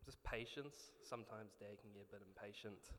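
A man's voice: lowish voice, moderate pace. A young man chatting casually and hesitantly, with many fillers, about his father. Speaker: son in a family discussion. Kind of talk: casual chat. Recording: echoey room, faint noise.

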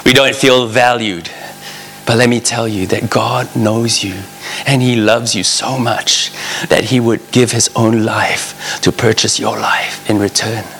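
A man's voice: fairly low pitch, steady tone, unhurried, vocal fry, fairly bright tone, faint music behind. A man preaching a sermon in an earnest, conversational way, speaking straight to his listeners. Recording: long reverb of a large hall.

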